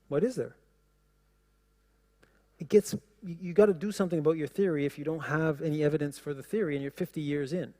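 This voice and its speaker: A man with a slightly high voice gives a lively lecture, dropping quips and chuckling at his own points. His voice rings out with a long hall reverb around it. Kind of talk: classroom lecture.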